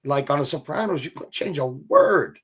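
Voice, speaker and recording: Telling stories in a casual interview, this middle-aged actor guest is animated, swears casually, and mimics the people he quotes. His voice is a little high for a man with a breathy edge, and he talks at normal speed.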